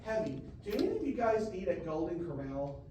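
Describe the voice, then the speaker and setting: Man, band director, high voice, sings phrases with syllables and jokes, echoey room recorded from far off, background noise. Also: big pitch swings, fairly quick, dark tone. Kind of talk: rehearsal instruction. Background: room ambience and noise.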